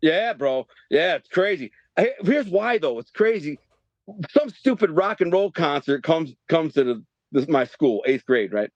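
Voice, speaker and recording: A middle-aged man, from Detroit, telling his life story as a podcast guest in a streetwise, animated way and acting out the voices in his quotes. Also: fairly high pitch, unhurried, no echo. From Detroit, USA. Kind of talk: casual storytelling. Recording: dry, dull podcast audio.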